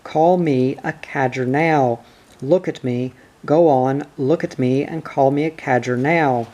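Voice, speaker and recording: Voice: medium pitch, a little slow, dark tone, natural voice. A reader doing a fierce, vehement young woman. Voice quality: vehement, scalding retorts. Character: fierce, proud young woman standing her ground.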